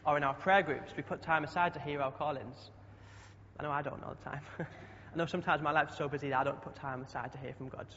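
Chatty young preacher, higher voice. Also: male voice, steady tone, fast, a bit bright, a little hiss or hum. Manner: chatty, asks the congregation questions. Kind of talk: sermon. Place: church hall. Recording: dull sound with long hall echo.

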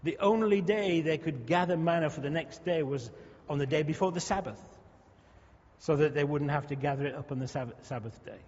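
A man's voice: fairly high pitch, a little fast, darkish tone. A man preaching a sermon, talking conversationally with humorous asides to the congregation. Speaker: pastor. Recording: dull lo-fi sound in a reverberant hall.

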